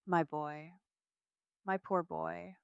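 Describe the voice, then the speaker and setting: A woman's voice: deep voice, steady tone, drawn-out words, gravelly, clear, resonant tone, dry recording, lo-fi sound, heavily acted. A woman voicing a sick, delirious mother who cries out from a hospital bed in a narrated story. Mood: weeping. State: crying.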